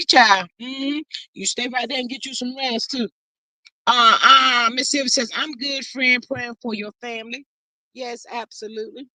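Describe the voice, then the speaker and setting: A woman's voice: a little high, no echo. A woman hosting a casual livestream, reading viewer comments aloud and chatting with her audience. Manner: chatty, calls listeners "child" and "y'all". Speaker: livestream host.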